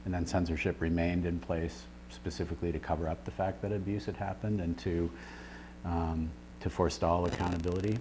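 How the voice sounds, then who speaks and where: A man's voice: low-pitched, little pitch movement, fairly quick, noisy background. A man, a writer and editor, answering interview questions reflectively, with frequent fillers and restarts. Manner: thoughtful, with many fillers and restarts.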